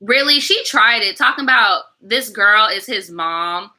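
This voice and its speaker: A storytime YouTuber reads a viewer's story and reacts in blunt, slangy, profane casual chat. Her medium-pitched voice is animated, a little slow, pushed and bright, and the audio quality is poor.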